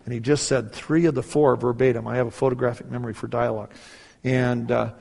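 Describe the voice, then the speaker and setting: A middle-aged man preaching a personal testimony, telling his story in a lively way and acting out the dialogue. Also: mid-range voice, fast, gravelly. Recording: reverberant hall.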